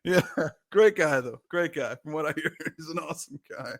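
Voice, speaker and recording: A man in his thirties co-hosting a sports podcast, telling football stories in a casual, animated way and laughing often. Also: fairly high pitch, moderate pace, no room sound, studio quality. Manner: animated storyteller, shouts quoted lines, laughs often. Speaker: podcast co-host, former lineman. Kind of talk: casual storytelling chat.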